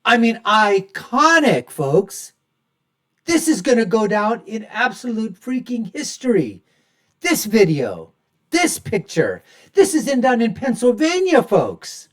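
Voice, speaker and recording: A man's voice: high-pitched, huge pitch swings, takes it slowly. Emphatic man hosting a solo commentary show. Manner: emphatic, keeps addressing listeners as folks; repeats phrases for punch, swings loud and soft. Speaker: show host.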